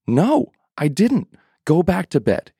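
A man's voice: medium pitch, sing-song, measured pace, creaky, darkish tone, husky, dry recording, clean studio sound, heavily acted. A man voicing a sleepy old priest who grumbles when woken, in a storybook reading. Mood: groggy.

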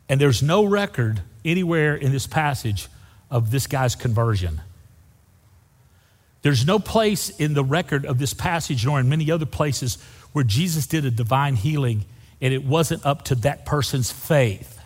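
Folksy pastor with a lively voice. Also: male voice, medium pitch, in a large hall. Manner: folksy, joking, acts out voices of people in the story. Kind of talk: sermon. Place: church sanctuary.

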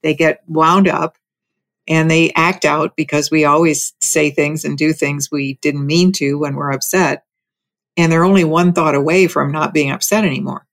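An older woman telling a calm, reflective story about raising children, with soft laughs between her thoughts. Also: low-pitched, normal speed, creaky. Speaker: speaker on parenting. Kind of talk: reflective casual talk.

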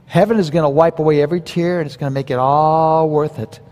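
A pastor preaching a verse-by-verse sermon in a conversational, animated way, with quoted asides. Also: male voice, fairly high pitch, fast, long reverb tail.

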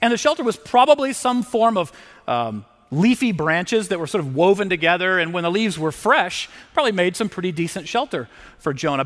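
High-voiced preacher in a reverberant hall. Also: male voice, a bit bright. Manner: conversational preaching, with frequent "right?" tag questions. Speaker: pastor. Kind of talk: sermon. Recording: long reverb.

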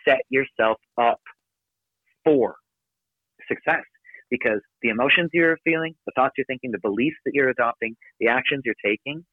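A man giving an energetic, emphatic motivational talk from his office as a podcast guest. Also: medium pitch, no room sound. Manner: energetic, emphatic, rapid coaching delivery. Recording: dry, phone-like narrow sound.

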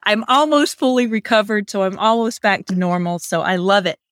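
A woman's voice: mid-range voice, fairly quick, no echo, studio quality. A woman hosting a podcast over a remote call, chatting casually and laughing often. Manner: laughing, chatty, animated storytelling. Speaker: podcast host. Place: home, on Pacific time.

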